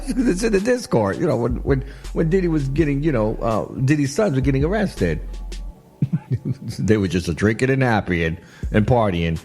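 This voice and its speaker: A male radio host talks through viral clips in a loose, chatty manner, laughing often and circling back on his words. His pitch swings widely as he reacts. Soft music plays low behind him. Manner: animated, laughing, repeats himself. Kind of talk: casual commentary on clips.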